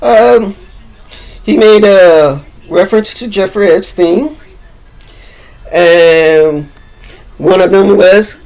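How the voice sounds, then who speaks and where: A man's voice: sits high, steady tone, normal speed, gravelly, a little mellow, low-quality recording. A man giving loose, profane, rambling commentary full of fillers and restarts. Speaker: commentator recapping an awards-show monologue.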